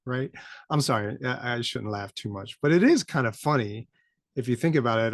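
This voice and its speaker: A middle-aged man hosts a podcast in casual commentary, his voice sitting at a mid pitch. The recording is close and dry, with no room around it. He rambles, laughs in disbelief and climbs to incredulous peaks. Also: animated, normal speed, no echo. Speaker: podcast host.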